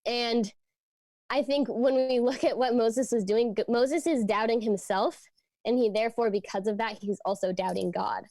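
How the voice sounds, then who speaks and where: A woman's voice: fairly high pitch, steady tone, normal speed, darkish tone, no echo. Young woman doing a youth group talk, super casual, lots of likes and ums, dry close sound. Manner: conversational, frequent fillers like "like" and "um"; earnest, teaching from scripture. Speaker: youth ministry speaker.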